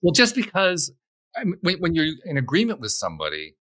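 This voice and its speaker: A middle-aged man talking as a podcast guest, animated, thinking aloud with frequent restarts. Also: on the high side, fairly quick, no echo. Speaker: podcast host, guest here. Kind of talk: conversational interview.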